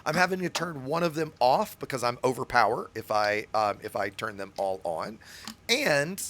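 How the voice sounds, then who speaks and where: A man's voice: mid-range voice, moderate pace, slight background noise. A man hosting a game stream, telling stories in casual chat, swearing freely and tagging his sentences with "right?". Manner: animated storyteller, swears freely, many "right?" asides.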